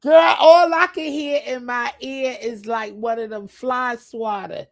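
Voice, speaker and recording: A woman chatting casually to her viewers on a livestream, loud and playful, laughing often and trash-talking. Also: on the high side, fairly even intonation, a little slow, no room sound. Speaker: channel host. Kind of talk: casual live chat.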